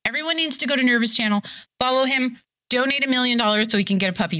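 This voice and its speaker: Tipsy young woman on a live stream, gushy and chatty, bright and kinda high. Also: fast talker, no echo. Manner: bubbly, gushing, reads chat aloud. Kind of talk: casual live-stream chat.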